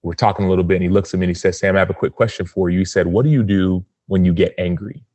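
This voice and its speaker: Low-voiced man telling a personal story. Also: rapid-fire, no room sound. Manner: earnest, animated storytelling with acted-out quotes. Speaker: podcast guest.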